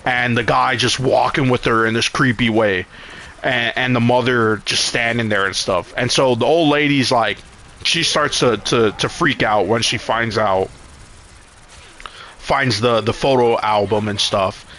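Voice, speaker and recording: A man's voice: medium pitch, unhurried, pushed and bright, slight background noise. Profane, rambling male streamer. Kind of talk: casual recap while gaming.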